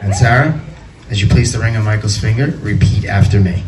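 A man officiating a wedding ceremony, upbeat and leading the couple through their vows, rising to a loud announcing voice at the end. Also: lowish voice, brisk, some chatter behind. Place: waterfront wedding venue. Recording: echoey, from far off.

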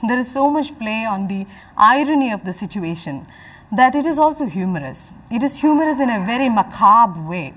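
A woman giving a literature lecture, explaining slowly and repeating her phrases, and acting out lines from the text. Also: mid-range voice, distant mic, rough recording. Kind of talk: recorded lecture.

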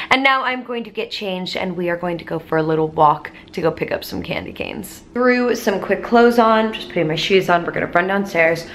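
Chatty young woman vlogging to camera. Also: medium pitch. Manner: chatty and expressive, lots of "like". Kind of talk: casual vlog chat to camera.

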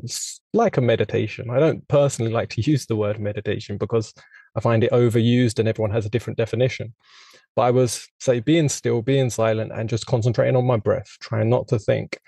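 Gravelly, warm-voiced middle-aged man. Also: mid-range voice, no room sound. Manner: earnest, reflective, rambling. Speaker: podcast host. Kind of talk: casual interview conversation.

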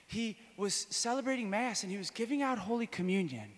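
A male priest giving a conference talk as a personal testimony, storytelling in a lively way that swings between loud enthusiasm and hushed intimacy. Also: high-pitched, a little fast. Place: conference hall. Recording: long hall reverb.

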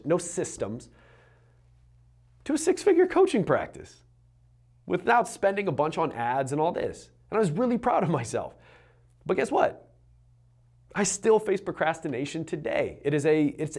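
A man coaching entrepreneurs in a motivational talk to camera, earnest and emphatic, slowing down on key phrases. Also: on the high side, a little mellow.

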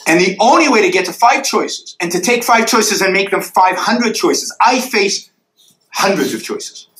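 A man's voice: high voice, animated, moderate pace, a bit bright, roomy sound, a little hiss or hum, low-quality recording. A man answering audience questions after a university lecture, arguing emphatically and sketching graphs in the air.

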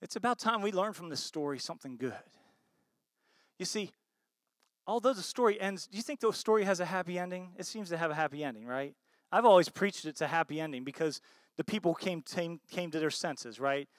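An American man preaching a sermon as pastor, swinging between loud emphatic bursts and low soft asides, and often asking the congregation questions. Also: animated, brisk, no room sound, studio quality. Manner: asks the congregation rhetorical questions.

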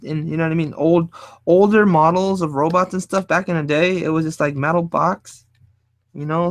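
A man teaching design while he draws, thinking aloud in a casual, rambling way, often hunting for the right word and sometimes speaking low. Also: no echo. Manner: speaks fairly low and quiet at times. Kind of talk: casual drawing tutorial talk.

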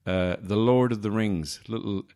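Deep-voiced man rambling wryly. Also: moderate pace, mellow, smooth. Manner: wry, self-deprecating, digressive. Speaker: podcast host. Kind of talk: rambling comedic monologue.

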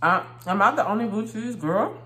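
A woman's voice: medium pitch, expressive, moderate pace, sharp tone, echoey room. A married woman chatting casually while eating for a mukbang video, laughing often and recording on her phone indoors. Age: adult, married. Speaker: vlogger.

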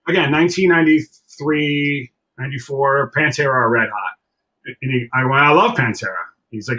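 A middle-aged man telling a story as a podcast guest, animated and swearing freely as he acts out other people's lines. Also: medium pitch, fairly quick, low-quality recording. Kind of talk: casual storytelling.

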